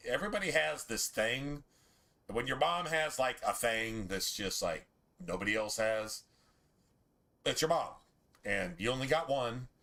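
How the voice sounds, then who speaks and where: A man's voice: medium pitch, sharp tone. A man streaming a video game, chatting in a rambling, laid-back and profane way. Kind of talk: casual gameplay commentary.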